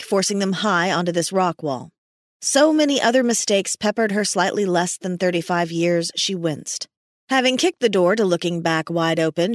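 A woman's voice: fairly low pitch, no echo. Woman reading an audiobook, dry sound. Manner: steady, measured storytelling. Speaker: narrator. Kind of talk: audiobook narration.

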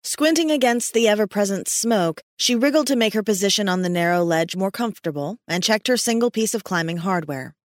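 A woman reads an audiobook aloud with a steady, measured storytelling delivery. Her voice is mid-range, and the studio-quality recording has no room sound.

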